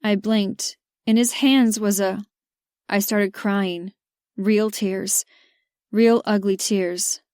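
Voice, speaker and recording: A woman narrating a romance audiobook in measured, first-person storytelling. Her voice sits at an ordinary pitch for a woman. The recording is dry and close, with no room sound. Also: fairly even intonation, a little mellow, clean tone, no echo. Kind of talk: scripted narration.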